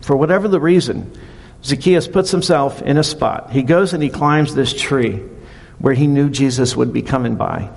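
Gravelly male pastor in a reverberant hall. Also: mid-range voice, moderate pace. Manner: conversational preaching, animated retelling. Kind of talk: sermon.

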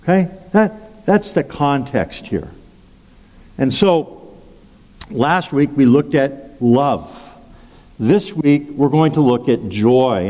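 A male pastor preaching a sermon, unhurried and emphatic, repeating words and leading the congregation in call-and-response. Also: mid-range voice, warm tone. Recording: long hall reverb.

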